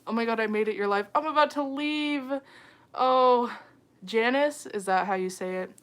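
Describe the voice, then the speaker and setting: A woman's voice: mid-range voice, normal speed, smooth. Giggly young woman chatting on a livestream. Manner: chatty, giggly, heavy on fillers like "um" and "like". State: tired late at night. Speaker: YouTuber hosting a livestream. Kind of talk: casual livestream chat reading comments. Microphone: phone.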